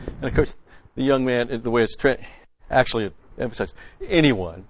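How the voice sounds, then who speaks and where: A man's voice: mid-range voice, lively intonation, moderate pace, no room sound, muffled recording. A man preaching a conversational sermon, folksy and blunt, quoting scripture and restarting his sentences often.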